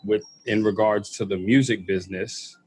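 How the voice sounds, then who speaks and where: A man hosting a casual chat, relaxed and working through the topic list. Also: lowish voice, moderate pace, husky. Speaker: podcast host.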